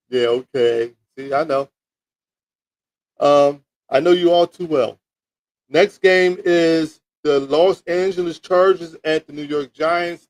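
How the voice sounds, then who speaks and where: A man with a slightly high voice hosts a sports talk show, heard in a low-quality recording. He rambles through football picks, repeating words and restarting often, and teases his live chat with mock toilet flushes.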